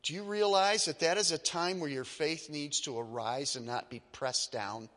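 A man's voice: a little high, moderate pace, fairly bright tone, big-room sound. A male pastor preaching a sermon with emphatic, dramatic storytelling.

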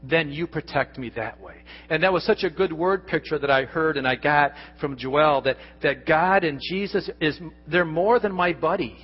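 Older pastor, husky, in a hall. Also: male voice, on the high side, normal speed, hardly any pauses, muffled recording. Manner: earnest storytelling with many restarts. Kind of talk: sermon. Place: church sanctuary.

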